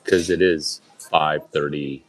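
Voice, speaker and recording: A man telling a casual story to a group in quick bursts, repeating lines and firing rhetorical questions at his listeners. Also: very deep voice, fairly even intonation, rough recording.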